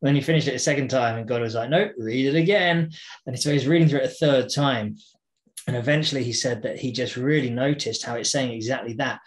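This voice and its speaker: A man's voice: mid-range voice, quick pace. A British man co-hosting a casual podcast in a mid-range voice. He tells anecdotes with energy and voices the quotes inside them. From Britain. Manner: animated storyteller who acts out quotes. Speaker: podcast co-host. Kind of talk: casual podcast chat about Bible reading.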